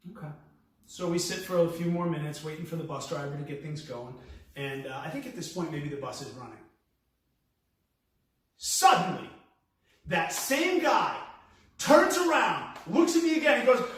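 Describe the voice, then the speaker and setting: A man telling a stand-up story with a New York accent, acting out the voices of the people in it with big swings. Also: normal speed. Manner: animated, acts out quotes with big pitch swings. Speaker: comedian. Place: live stand-up venue. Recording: echoey room from far off.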